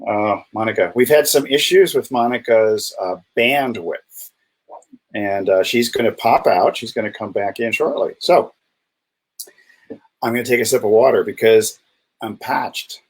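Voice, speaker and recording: A man's voice: a little slow, husky, low-quality recording. A man co-hosting a casual live health chat over a video call, playful and teasing. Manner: playful, teasing, jumps high in pitch when joking. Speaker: co-host, doctor.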